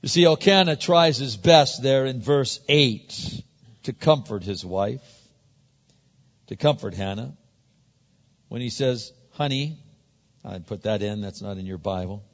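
A man's voice: mid-range voice, a little slow, pauses often. A male pastor preaching a conversational sermon, often repeating words as he builds to a point. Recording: muffled sound with long hall reverb.

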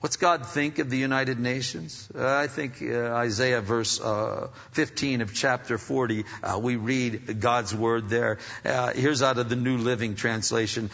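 A man preaches with a bright, forceful edge and a gravelly, husky grain. His delivery is emphatic and climbs to loud peaks. The recording is dull and lo-fi, and long reverb hangs in a large hall. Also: medium pitch, steady tone, measured pace, few pauses. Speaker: pastor. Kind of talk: sermon.

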